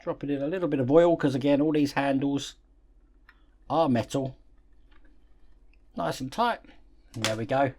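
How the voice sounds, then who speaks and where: A man hosting a model-building channel, calmly explaining each step of the build while he works with his hands. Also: medium pitch, moderate pace, pauses often.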